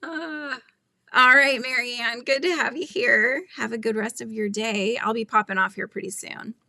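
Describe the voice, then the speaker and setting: A woman's voice: a little high, steady tone, normal speed, vocal fry, sharp tone, no echo, clean studio sound. A middle-aged woman hosting a casual livestream chat, laughing often and reading out viewers' comments. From Northern California. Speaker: host.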